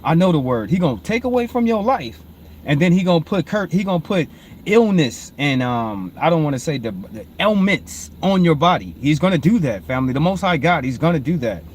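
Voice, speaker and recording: A man, hosting and preaching informally on proverbs, repeatedly calling listeners "family", swinging between low murmured reading and loud emphatic preaching. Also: very animated, brisk, slight background noise. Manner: repetitive, calls listeners "family". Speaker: host.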